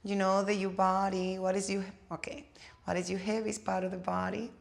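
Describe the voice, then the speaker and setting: A woman teaching a gentle yoga class, coaxing and easy, with slightly non-native phrasing. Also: medium pitch, level tone, moderate pace, creaky.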